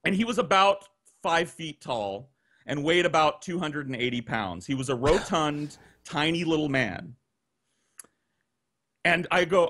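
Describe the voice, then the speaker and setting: A man with a slightly high voice at normal speed shares a crude story as a podcast guest via video call. Profane and animated, he swears freely and performs the quoted voices of the characters.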